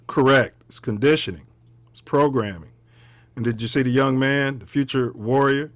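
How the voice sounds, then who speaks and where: A man's voice: mid-range voice, no echo. Indignant man hosting a talk show. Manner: measured, indignant explanations. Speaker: show host. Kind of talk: casual commentary on a video clip.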